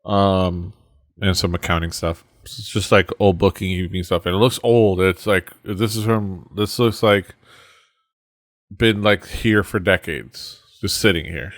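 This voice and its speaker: A man running a tabletop game as game master, describing scenes in a halting way full of fillers and restarts. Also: sits low, dry recording. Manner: hesitant, many fillers and restarts.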